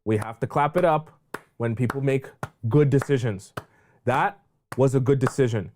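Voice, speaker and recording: A man hosting a live dating advice call-in show, ranting loudly and crudely mocking a caller's ex with drawn-out emphatic lines. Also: medium pitch, slight background noise. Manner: loud, mocking, crude rants. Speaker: dating coach host.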